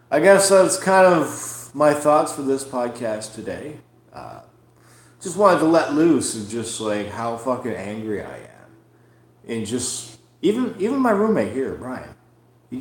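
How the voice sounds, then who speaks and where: A man, a comedian hosting his own podcast, venting at home in a profane, rambling, frustrated way. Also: medium pitch. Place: room at home. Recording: roomy echoey room.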